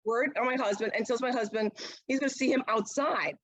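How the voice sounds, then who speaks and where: A woman's voice: a little high, a little fast, no room sound, low-quality recording. A middle-aged woman, a guest mother, telling her story in a casual interview and acting out what others said. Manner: animated, acts out quoted speech. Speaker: guest, mother of an autistic son.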